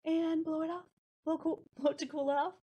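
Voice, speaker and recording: A young woman leading a preschool storytime, with a sing-song, encouraging, slow and exaggerated delivery for small children. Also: extremely high pitch, little pitch movement, highs cut off. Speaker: children's librarian.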